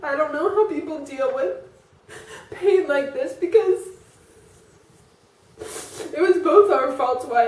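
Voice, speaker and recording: A woman with a high voice pours out a personal confessional vlog, rambling and emotional, her talk full of fillers. She sounds a little away from the mic in an echoey room. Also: slow, long pauses, darkish tone, recorded from a distance. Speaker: vlogger.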